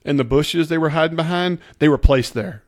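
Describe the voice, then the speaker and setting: A man's voice: on the high side, fairly quick. A man co-hosting a podcast, breaking down a TV episode in casual chat, emphatic and explaining his points step by step. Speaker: podcast co-host.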